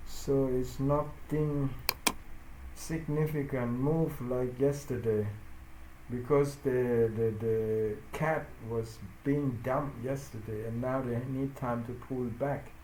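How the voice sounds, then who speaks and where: Slow, halting man in a roomy space. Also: mid-range voice, fairly even intonation, warm tone. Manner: halting, searching for words, non-native grammar. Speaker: forex trader. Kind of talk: casual live trading chat. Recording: roomy with faint noise.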